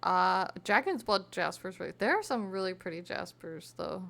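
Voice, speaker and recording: A woman's voice: lowish voice, lively intonation, normal speed, vocal fry, a bit bright. A young woman streamer chatting casually with her viewers while crafting, reading chat aloud and giggling often.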